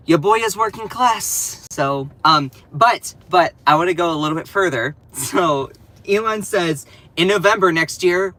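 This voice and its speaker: Southern guy live-streaming political takes, sassy and animated, bright kinda sharp voice. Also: on the high side, a little hiss or hum, rough recording. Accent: Southern American. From American South. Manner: sassy, animated, teasing asides. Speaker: political commentator. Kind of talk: casual live-stream commentary.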